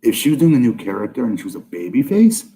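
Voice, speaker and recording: A man, a podcast guest, talking casually and bluntly about wrestling, often exasperated and quick with asides. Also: mid-range voice, very animated, mellow, poor audio. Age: older. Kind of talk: casual wrestling review chat.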